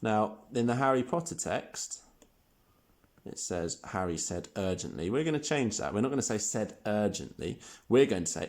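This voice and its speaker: A man teaching a primary school writing lesson, explaining each step clearly while he types. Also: on the low side, expressive, moderate pace, a little mellow. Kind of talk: recorded online lesson.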